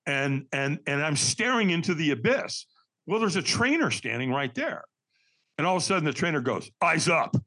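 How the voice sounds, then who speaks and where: A man telling a personal story as a podcast guest, energetic and vivid, acting out what others said. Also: a little high, normal speed. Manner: energetic, acts out quoted voices, frequent restarts. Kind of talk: animated storytelling.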